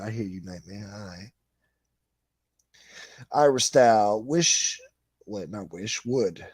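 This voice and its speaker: A man's voice: lowish voice, lively intonation, slow, long pauses, darkish tone, slightly rough, no echo. A middle-aged man, hosting a livestream and reading chat comments in a blunt, profane, rambling way. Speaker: livestream host.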